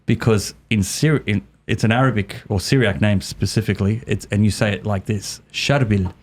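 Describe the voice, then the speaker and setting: Man, middle-aged, lowish voice, animated storytelling, repeats words. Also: fairly quick. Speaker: guest. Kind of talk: casual storytelling.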